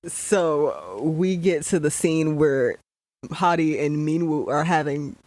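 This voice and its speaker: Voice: mid-range voice, expressive, slow pace, a little mellow, no echo. Profane, ranting young podcast host. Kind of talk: casual show commentary.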